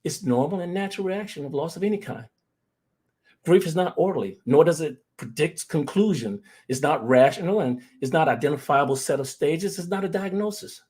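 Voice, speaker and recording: A man's voice: on the high side, animated, a little fast, darkish tone, husky. A man giving an earnest presentation on grief, telling personal stories and speaking to the audience as family. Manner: earnest, addresses the audience as "fam".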